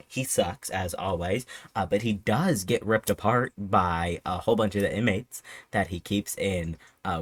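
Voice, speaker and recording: A man giving a casual movie review in an excitable, rambling manner, swearing often. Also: fairly low pitch, dry recording. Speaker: host.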